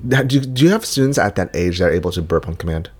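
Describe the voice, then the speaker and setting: Easygoing man with a lively voice. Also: sits low, fast, breathy edge. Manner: easygoing, hesitant restarts, lots of laughing. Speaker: podcast co-host, music teacher. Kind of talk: casual chat.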